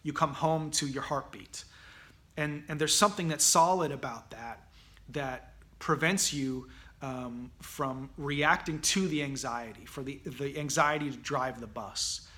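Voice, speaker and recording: A man teaching actors about mindfulness in a relaxed, conversational lecture, with many fillers and restarts. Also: medium pitch, a little slow. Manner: relaxed, many fillers and restarts, acts out anxious inner voices. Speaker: acting teacher.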